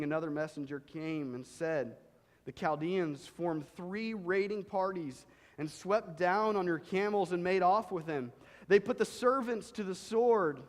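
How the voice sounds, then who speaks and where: A man with a high voice preaches in a church sanctuary. His delivery is dramatic, rising to loud emphasis and dropping to hushed, low lines. The sound carries a long hall reverb. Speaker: pastor. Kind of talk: sermon.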